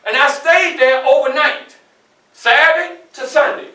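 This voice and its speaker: A man performing as Frederick Douglass, telling his story in the first person with animated, often shouted storytelling to a live audience. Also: very high-pitched, unhurried, distant mic, full character voice. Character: Frederick Douglass, a defiant young man escaping slavery. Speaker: historical portrayer. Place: public library event room. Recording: echoey room, mic from afar.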